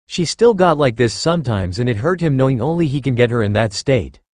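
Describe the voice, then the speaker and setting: A man narrating a fan fiction story in a steady reading voice. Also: mid-range voice, brisk, dry recording, clean studio sound.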